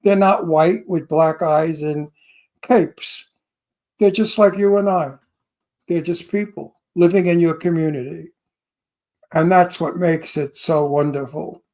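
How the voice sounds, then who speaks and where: A man with a thick Brooklyn accent co-hosts a chatty interview show. He talks in a boisterous, emphatic way, and his voice sits high for a man. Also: steady tone, unhurried, a little mellow, low-quality recording. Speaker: co-host. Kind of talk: casual radio interview chat.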